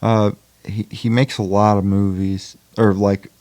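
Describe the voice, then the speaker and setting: A man's voice: lowish voice, level tone, unhurried, a little mellow, dry recording. A young man chatting casually as a podcast guest about acting in indie films, rambling with lots of fillers and restarts. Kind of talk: casual chat.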